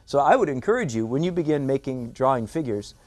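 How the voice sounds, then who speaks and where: A man's voice: medium pitch, expressive, quick pace, a little mellow. An older man gives a drawing lesson in an indoor studio. He talks in a playful, self-mocking way, with frequent rhetorical asides to the viewer. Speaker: art instructor.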